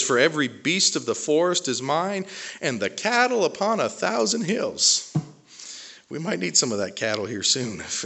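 Bright-voiced man preaching a lively sermon. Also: fairly high pitch. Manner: animated storytelling with halting restarts and asides. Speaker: pastor.

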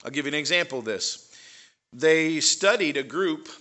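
Guy talking to a crowd, chatty, lots of ums, bright voice. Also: on the high side, expressive, normal speed. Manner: conversational, many fillers, rising emphasis on key points. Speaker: speaker. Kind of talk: talk to a live audience.

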